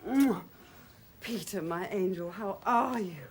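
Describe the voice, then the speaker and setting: A woman's voice: mid-range voice, slow pace, noisy background. An actress playing a brash, tipsy society woman in a period television drama, gushing in affected upper-class chatter.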